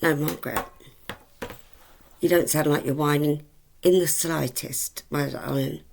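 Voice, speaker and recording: A woman's voice: low-pitched, steady tone, a little slow, creaky, background noise. A woman in her forties chatting to camera, rambling and hesitant, with many ums and fond asides to her viewers. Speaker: vlogger. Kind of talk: casual chat to camera.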